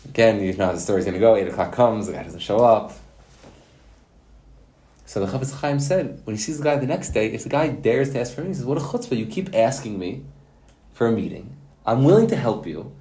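A man who teaches at a yeshiva, giving a Torah lesson in a folksy, animated storytelling manner, with Hebrew and Yiddish terms mixed in. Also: lowish voice, brisk. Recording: roomy echo.

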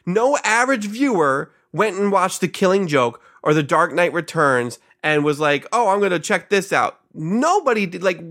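Male podcast co-host, slightly high voice, blunt and emphatic. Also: a bit bright. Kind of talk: casual podcast banter.

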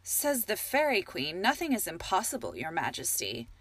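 A woman voicing a calm, wry male wizard in a storybook reading, speaking in a measured, lower voice. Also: slightly rough, dry recording, full character voice.

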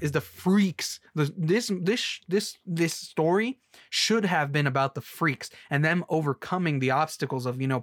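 A man's voice: fairly high pitch, no room sound, studio quality. A young man ranting casually about a movie, rambling and sarcastic, with many restarts. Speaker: movie reviewer.

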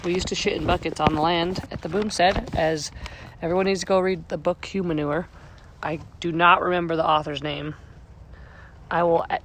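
A woman's voice: lowish voice, slight background noise. A playful young woman co-hosting a casual podcast outdoors, joking and laughing easily. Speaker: podcast co-host. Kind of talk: casual chat. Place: outdoors, sitting on a bucket. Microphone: handheld recorder moved between speakers.

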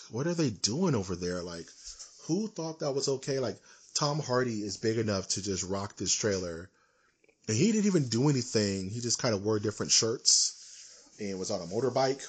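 A man co-hosting a casual podcast, ranting in an animated, emphatic way. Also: lowish voice, normal speed, husky. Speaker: podcast co-host. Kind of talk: casual chat.

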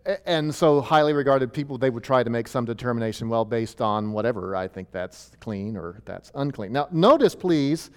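A man's voice: medium pitch, expressive, normal speed, hardly any pauses, clean tone, in a large hall. A male pastor teaching a sermon from a chart, talking in a conversational way with many fillers and restarts.

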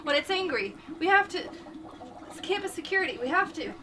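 A woman voicing a panicked male professor who blurts out frantic, hurried warnings. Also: very high-pitched, lively intonation, recorded from a distance, noisy background, voice pushed up.

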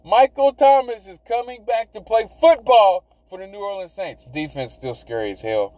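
A man's voice: high-pitched, moderate pace, dark tone, poor audio. A man hosting a sports podcast, talking casually and animatedly, rambling, repeating himself and swearing as he goes. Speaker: podcast host.

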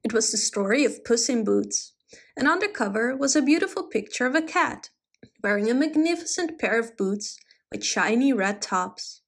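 A woman reading a children's storybook aloud in an expressive, animated manner. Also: on the high side, moderate pace, vocal fry.

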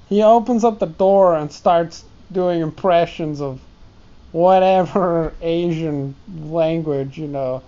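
A man's voice: on the high side, dark tone, dull audio. A man talking to his pet ant in a casual, meandering stream-of-consciousness monologue, often breaking off and chuckling.

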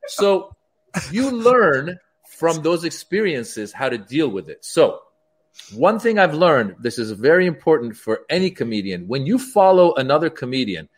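A stand-up comedian telling stories as a guest, acting out the dialogue in raised voices. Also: male voice, on the high side, unhurried. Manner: animated, acts out quoted dialogue in raised voices. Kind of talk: storytelling as a podcast guest.

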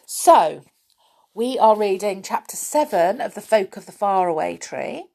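A woman reading a children's chapter book aloud in an unhurried, chatty way. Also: medium pitch, lively intonation, vocal fry, darkish tone. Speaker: storyteller.

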